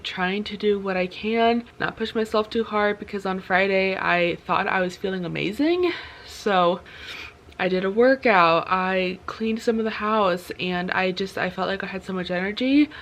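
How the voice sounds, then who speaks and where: A woman chatting in a casual book vlog, sick and short of breath, rambling with lots of fillers. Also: mid-range voice. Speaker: book vlogger.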